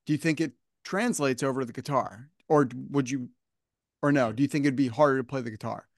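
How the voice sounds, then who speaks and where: A man's voice: mid-range voice, quick pace, no echo. Chatty male podcast host, dry close sound. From New Jersey. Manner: chatty, animated storyteller with fillers. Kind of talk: casual chat.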